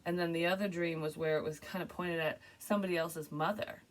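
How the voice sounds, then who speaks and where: A woman's voice: lowish voice, fairly quick. A woman psychic casually retelling a strange dream to camera, rambling, swearing and filling with "like". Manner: rambling, animated, swears freely, frequent "like" fillers. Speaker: psychic medium sharing a dream.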